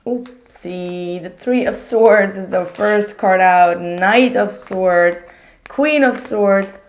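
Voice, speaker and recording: A young woman talks through a tarot reading in a loose, chatty way, leaning on filler words as she goes. Her voice sits at a middling pitch, and her delivery is animated and conversational. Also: takes it slowly. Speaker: tarot reader. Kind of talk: casual tarot reading monologue.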